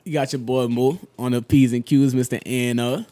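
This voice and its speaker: Brief: young New man, podcast host, easygoing, mid-pitched voice. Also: steady tone, fairly quick, dark tone. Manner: laid-back, laughs often, frequent "you know what I'm saying". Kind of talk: casual chat.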